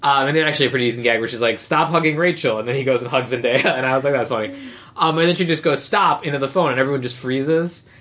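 A woman's voice: extremely low pitch, fairly even intonation, very fast, fairly bright tone. A woman co-hosting a casual podcast, recapping a movie in a rambling way and acting out the characters' lines. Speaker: podcast co-host.

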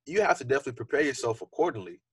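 A young man speaking fast in a relaxed, earnest podcast chat, his voice a little husky. He reflects openly and keeps the talk loose with fillers. The sound is close and dry, with no room around it. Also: medium pitch, no room sound. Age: young adult. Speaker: podcast co-host. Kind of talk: casual podcast conversation.

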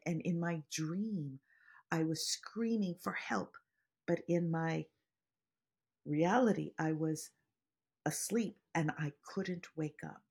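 A woman's voice: sits low, steady tone, measured pace, a little mellow, husky. A woman meditation teacher speaking to podcast listeners in an earnest way, explaining ideas through everyday examples and stories.

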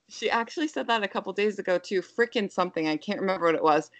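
A woman chatting casually, animated and quick to laugh as she tells stories. Her voice is mid-pitched and dry, with no room around it. Natural, unscripted delivery. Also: dry recording. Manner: animated storytelling, laughs often, mimics a toddler's voice. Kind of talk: casual chat.

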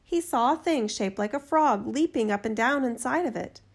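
A woman narrating a fairy tale in a steady, measured reading voice. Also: on the high side, slightly rough. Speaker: storyteller. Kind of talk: storybook narration.

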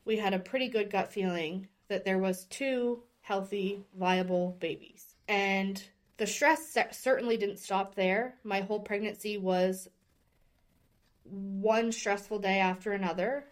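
A woman's voice: mid-range voice, fairly even intonation, measured pace. A woman in her thirties, a podcast guest, candidly telling a personal story with open emotion. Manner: earnest and openly emotional, speaking candidly.

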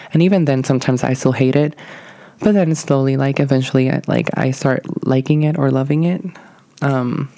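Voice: mid-range voice, darkish tone, no echo. Breathless, rambling young podcast host. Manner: nervous, rambling, many hedges and fillers. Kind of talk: casual solo podcast monologue.

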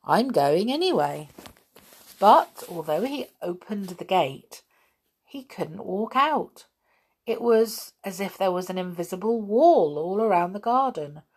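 A woman reading a children's story aloud in a gentle, expressive way. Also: mid-range voice, unhurried, husky. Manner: gentle, expressive, with soft laughs.

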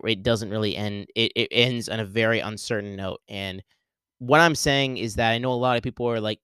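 A man's voice: on the low side, bright, forceful tone, smooth, no room sound. A young man hosting a podcast alone, rambling through a casual spoiler talk with many fillers and restarts. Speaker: podcast host.

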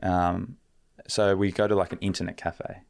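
A young man with a low, gravelly voice, telling a long story as a guest on a podcast. He rambles in a laid-back way, with plenty of fillers and the odd swear word. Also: level tone, moderate pace. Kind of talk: casual storytelling.

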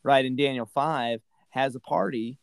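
A man's voice: mid-range voice, a little slow, vocal fry, smooth, no echo, poor audio. A man casually discussing a Bible passage as a podcast co-host, rambling with many "right?" and "you know" asides.

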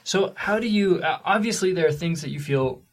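A man interviewing a guest, asking long, measured questions. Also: on the high side, lively intonation. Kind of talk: conversational interview.

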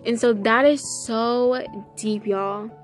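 A woman with a somewhat high voice hosts a casual devotional podcast and reads scripture aloud. She is effusive and excitable, and music plays clearly beneath her speech. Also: slow pace. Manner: excitable, effusive, sprinkled with hallelujahs.

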